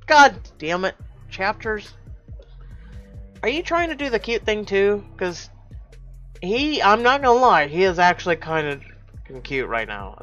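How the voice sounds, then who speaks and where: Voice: medium pitch, a bit bright, dull audio. A streamer reading a story game aloud, breaking in with wry, sarcastic asides.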